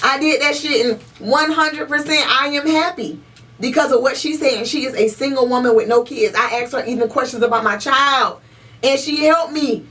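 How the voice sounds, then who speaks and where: A young woman with a somewhat high voice co-hosts a podcast in loose, heated chat. She swears freely and hammers her points home through repetition. She sits a little back from the mic, so the sound is slightly distant. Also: normal speed, a bit bright. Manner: emphatic and profane, repeats points for stress. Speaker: podcast co-host. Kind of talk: casual chat. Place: podcast room.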